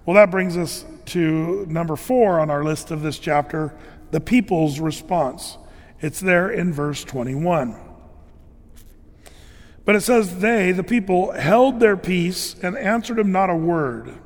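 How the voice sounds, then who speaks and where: Male pastor, high pitch, chatty sermon delivery, lots of fillers, reverberant church room. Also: slow. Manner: conversational, filler-heavy, animated emphasis.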